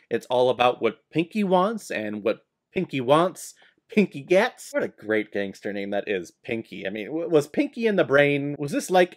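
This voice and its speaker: Animated, sarcastic young male movie reviewer. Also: medium pitch. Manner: animated, sarcastic, swings between soft and loud.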